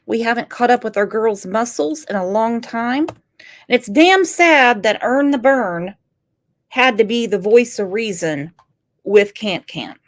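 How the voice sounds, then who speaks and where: A woman's voice: fairly high pitch, unhurried. A woman commenting on a true crime case with sarcastic, incredulous remarks. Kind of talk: opinionated commentary.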